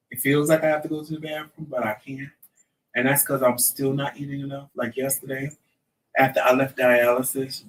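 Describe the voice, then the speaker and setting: A man's voice: mid-range voice, far from the mic, poor audio. A man in his fifties hosting a vlog, telling a story casually and acting out the other people's lines as he goes. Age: 50s. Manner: animated storyteller who acts out quoted dialogue. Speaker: vlog host.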